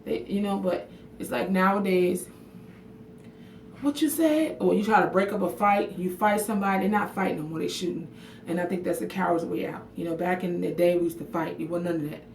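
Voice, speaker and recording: Speaking from her bathroom at home, a livestream vlogger chats casually, frank and emotional, swearing freely and answering viewers' comments by name. Her lowish, creaky, slightly mellow voice moves a little fast. The echoey room audio is picked up from a distance, with a little hiss or hum.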